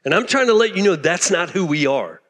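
A male pastor preaching a sermon to his church, impassioned, swinging between loud declarations and hushed asides. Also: high-pitched, lively intonation, brisk. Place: church sanctuary. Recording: long reverb of a church hall.

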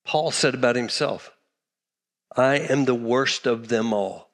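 A man's voice: mid-range voice, slow pace. A middle-aged man from Texas, preaching a sermon emphatically and repeating key phrases. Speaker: pastor.

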